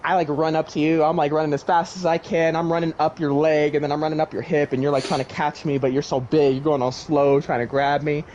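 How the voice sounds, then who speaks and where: A young man in casual chat, retelling a wild dream and acting out its voices with lively swearing. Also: on the high side, quick pace, few pauses. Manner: animated storyteller, acts out voices, swears casually. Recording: dull lo-fi sound with faint noise.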